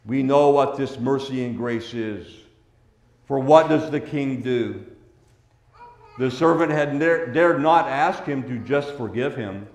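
Slow-preaching man in an echoey hall. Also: mid-range voice. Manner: preaching with wide swings between hushed and loud. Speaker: pastor. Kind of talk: sermon.

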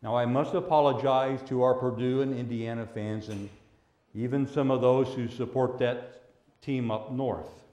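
A high-pitched male pastor preaching slowly and deliberately, leaning hard on the words he wants to stress. His voice rings around a reverberant church room. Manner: measured, with drawn-out emphasis on key words. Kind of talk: sermon. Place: church sanctuary.

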